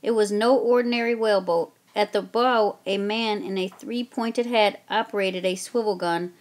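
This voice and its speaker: A woman narrating a children's historical story in a steady, plain reading voice. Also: mid-range voice, normal speed. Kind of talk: reading a children's book aloud.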